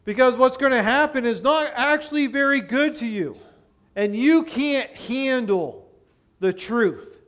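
A man's voice: very high voice, lively intonation, measured pace, fairly bright tone, pitched above the performer's own voice, exaggerated voice. A man voicing a mocking male prophet who taunts a king, sarcastic and scolding.

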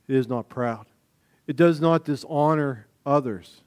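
A pastor preaches a lively sermon, moving between loud, emphatic lines and quiet, low asides while imitating the voices of ordinary people. His delivery is a little slow and his tone is clean.

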